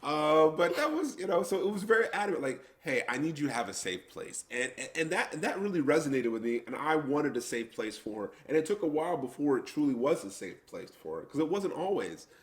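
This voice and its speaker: Man, middle-aged, podcast co-host, higher pitch, animated storytelling, casual chat. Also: fairly quick, hardly any pauses. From United States. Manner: animated storytelling, acting out quotes with laughs.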